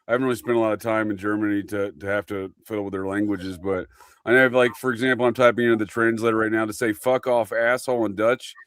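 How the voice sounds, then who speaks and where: An Appalachian-accented man talks in a slow, easygoing drawl, joking as he goes. His voice sits at an ordinary pitch for a man and sounds dry and close to the mic. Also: steady tone, fairly bright tone, clear, resonant tone, no echo. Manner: laid-back, drawling, joking. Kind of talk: casual chat on a stream.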